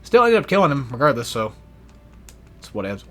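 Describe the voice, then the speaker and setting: A man's voice: medium pitch, sing-song, brisk, fairly bright tone, faint music behind. A young man giving casual gameplay commentary, rambling and swearing freely with self-deprecating asides. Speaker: let's play gamer.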